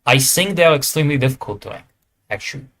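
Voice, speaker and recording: Man, casual tier-list commentator, mid-pitched, thinks out loud, hesitant, corrects himself often. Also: expressive, fast, slight background noise. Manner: thinking aloud, hesitant with fillers and self-corrections. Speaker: esports tier list creator. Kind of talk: casual commentary while ranking.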